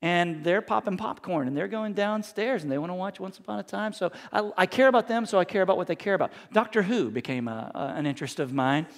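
A man in his forties preaching a sermon as pastor, conversational and animated, often correcting himself mid-sentence. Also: sits high, fast talker, hardly any pauses. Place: church sanctuary. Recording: long hall reverb.

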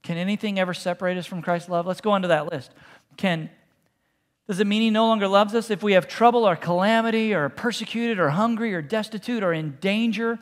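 A man preaching a sermon as pastor, talking casually and with humor, then softening to quiet, hushed repetitions. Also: high-pitched. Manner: conversational, joking preaching that drops to soft, hushed repetitions. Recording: long reverb in a large hall.

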